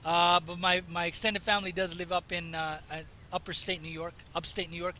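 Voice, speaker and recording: A man from the Southwest United States, chatting casually and meandering as he plays a driving game, his voice slightly hoarse. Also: high-pitched, flat delivery, brisk, pushed and bright, slight background noise, low-quality recording. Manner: chatty, meandering, self-interrupting. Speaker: gaming video host. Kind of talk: casual rambling commentary while playing.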